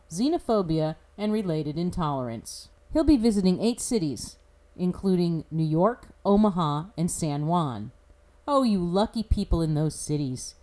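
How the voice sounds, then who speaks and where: Sarcastic woman with a mellow voice. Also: fairly low pitch. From United States. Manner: sarcastic, mocking, laughs at her own jokes. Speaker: podcast commentator. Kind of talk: scripted opinion commentary.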